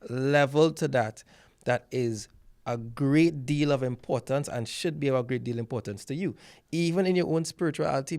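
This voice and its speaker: A man's voice: medium pitch, gravelly. A man speaking in a podcast discussion, earnest and insistent, pressing hard on his points. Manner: earnest, insistent, rising to forceful emphasis. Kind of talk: casual discussion.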